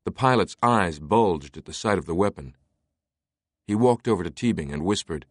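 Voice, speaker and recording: A man narrating an audiobook in a steady, even tone. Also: fairly low pitch, moderate pace, no room sound, studio quality. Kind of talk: scripted narration.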